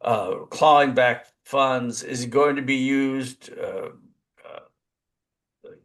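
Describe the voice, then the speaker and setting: A man, a professor, interviewing in a webinar, halting with many uh's and restarts. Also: mid-range voice, a bit bright.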